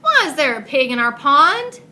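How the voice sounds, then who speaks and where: A woman's voice: high voice, sing-song, moderate pace, pushed and bright, a little hiss or hum, voice pushed up, heavily acted. A woman voicing a chorus of frogs in a storybook, exclaiming in an indignant way. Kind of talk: storybook read-aloud.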